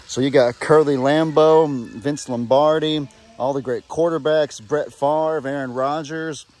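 A man's voice: on the high side, a little mellow. Easygoing man vlogging on a farm. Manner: easygoing, rambling, Southern-style "y'all". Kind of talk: casual vlog chat. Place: outdoors on a farm among animals.

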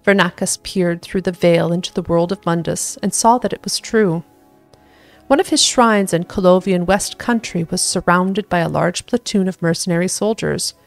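A woman with a lower-than-usual voice reads a fantasy story aloud in an even, storytelling way. Faint music sits quietly behind her narration. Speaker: audiobook reader. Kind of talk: scripted narration of a fantasy book.

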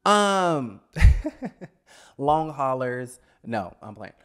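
A man's voice: mid-range voice, sing-song, very slow, a bit bright, smooth. A young man giving a sassy, blunt review of a reality show in a casual vlog, with scatterbrained asides, while getting over a cold.

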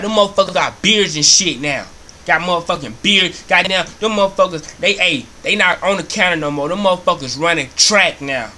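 A young man telling a profane comic story in an animated, repetitive rant. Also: a little high, a little fast. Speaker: comedy vlogger.

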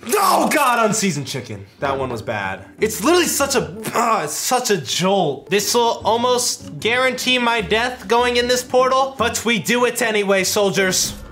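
A young man commentating his own gameplay, loud and excitable, yelping and joking as he gets shocked. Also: high-pitched, normal speed, hardly any pauses, faint music behind. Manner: loud, excitable, yelps and jokes under shocks. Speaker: gaming YouTuber.

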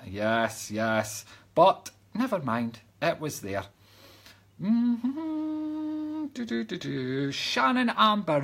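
Streaming live from a room at home beside a Christmas tree, a Scottish man acts as a psychic medium, bantering playfully with viewers and reading their comments aloud. His voice is mid-range, fairly bright and husky, picked up close by a webcam mic.

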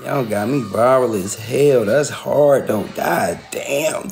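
A man's voice: medium pitch, slow, gravelly, a little mellow, faint music behind. A man ranting casually on a livestream, profane and laughing often.

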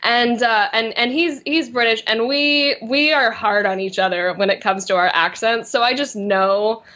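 A woman's voice: on the high side, steady tone, moderate pace, fairly bright tone, muffled recording. A young actress chatting casually in an interview, bubbly and self-deprecating, often restarting her sentences. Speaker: voice and motion capture actress, guest.

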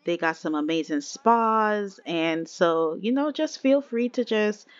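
A woman's voice: mid-range voice, animated, slow pace, clear, resonant tone, no echo, lo-fi sound. A woman voicing a friendly young male neighbor in a life-simulation game, speaking in a laid-back, welcoming way.

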